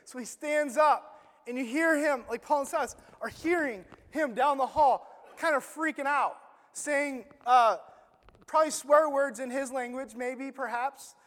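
A man preaching a sermon. He retells a story in an animated, conversational way, full of "like" fillers. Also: extremely high pitch, measured pace, big-room sound.

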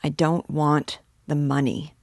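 Lady reading a sick stubborn young guy, short answers, low voice, dry. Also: moderate pace, no echo. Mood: curt. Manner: terse, dreamy, refusing. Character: sick, withdrawn young man, dreamy and stubborn.

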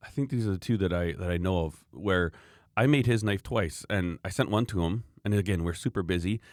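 A man with a low voice chatting on a podcast, telling long meandering stories about his customers. He slips into the voices of the people he quotes as he goes. The sound is close and dry, with no room around it. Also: fairly quick, no room sound. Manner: rambling storyteller, acts out quoted customers. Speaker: podcast co-host, knife maker. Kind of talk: casual chat.

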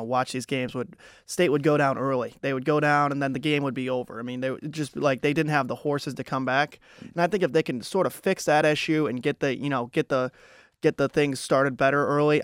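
A man's voice: medium pitch, fairly even intonation, brisk, smooth, dry recording, clean studio sound. A young man hosting a casual sports podcast, chatting with a co-host and thinking aloud through fillers and restarts. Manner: conversational, with frequent fillers and restarts.

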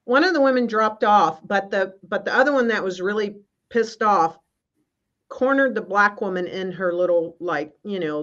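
A woman's voice: mid-range voice, fairly bright tone. Earnest woman minister telling her story. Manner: earnest, halting, with many restarts. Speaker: guest minister. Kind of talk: personal spiritual storytelling. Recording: slightly muffled.

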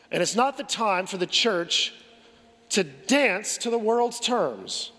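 A pastor preaching a forceful sermon with a high, ringing voice. He presses rhetorical question after question and often repeats words as he builds momentum. A long reverb trails every line. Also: very animated, slow pace.

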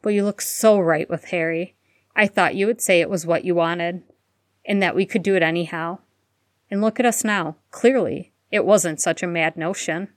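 A woman reading aloud, voicing a tired, graying man who speaks quietly and with wry restraint. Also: lowish voice, normal speed, dry recording, clean studio sound, lightly acted. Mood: subdued.

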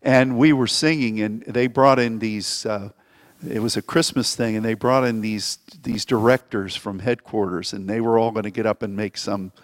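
A man's voice: lowish voice, fairly even intonation, moderate pace, no room sound, studio quality, big-room sound. A man preaching a sermon as pastor, rambling and anecdotal, often restarting his phrases. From Springfield, Missouri.

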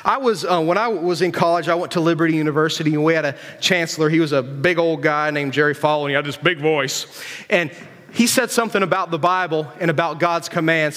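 A man with a high voice preaches in a relaxed, conversational way, full of rhetorical questions and repeated phrases. His voice rings out with a long reverb from a big hall. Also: fast. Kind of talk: conversational sermon to young people.

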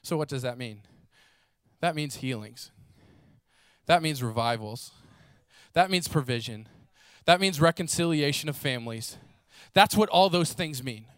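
A man preaching a sermon, telling stories in a lively way and acting out the people in them. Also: on the high side, a little slow, dry recording. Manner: animated storytelling, acts out voices, casual fillers.

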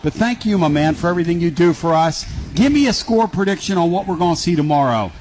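A man from Philadelphia hosting a sports talk radio show, excitable and quick to hype up his guests. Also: a little high, rough recording.

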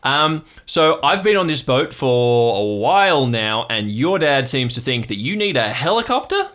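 A man voicing a rambling, boastful old uncle who talks loudly and forgetfully. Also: medium pitch, sing-song, normal speed, voice pushed up. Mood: blustery. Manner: loud, blustery, forgetful.

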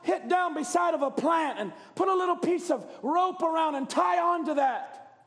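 A man preaching a fervent, often shouted sermon with a gravelly voice. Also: extremely high pitch, lively intonation, normal speed.

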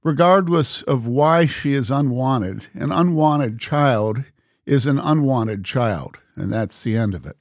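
Man, audiobook-style reading, measured and earnest, mid-pitched, dry close sound. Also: no echo. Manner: measured, earnest reading with spoken quote marks. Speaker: reader. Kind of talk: reading a book aloud.

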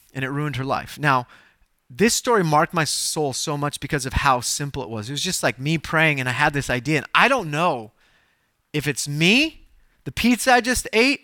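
A male pastor telling stories in a sermon, animated and self-deprecating, with bursts of loud exclamation. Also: a little high, dry recording, studio quality. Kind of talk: sermon storytelling.

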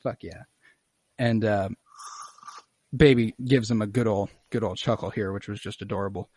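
A young man recapping an episode in casual chat, animated and laughing often, with plenty of swearing. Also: fairly low pitch, moderate pace, no echo, clean studio sound. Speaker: podcast host recapping an episode.

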